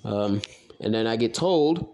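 Excitable, foul-mouthed young man telling stories. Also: on the low side, unhurried. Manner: profane, excitable, quotes others in animated voices. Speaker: podcast host recounting his online wrestling league career. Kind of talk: casual storytelling monologue.

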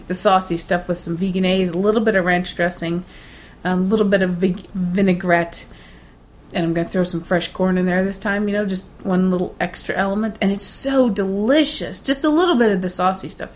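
A woman's voice: medium pitch, steady tone, a little fast. A woman in casual conversation, telling stories in a chatty way and laughing often. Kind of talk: casual chat.

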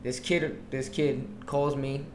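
A young man, a teacher, telling a story in casual chat, animated and slangy with lots of swearing. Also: mid-range voice, slow pace, reverberant, slight background noise.

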